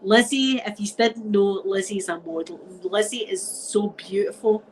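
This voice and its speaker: Her voice is medium in pitch and unhurried, with few pauses, over a slight hiss or hum on poor audio. A middle-aged Scottish channel host with a cold, she chats casually and emphatically with live viewers, repeating phrases and using words like wee and dead.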